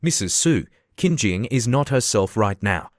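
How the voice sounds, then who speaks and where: A man voicing a calm, persuasive young woman. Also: on the low side, a little slow, no room sound, clean studio sound. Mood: persuading. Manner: calm, reasoning, lecturing.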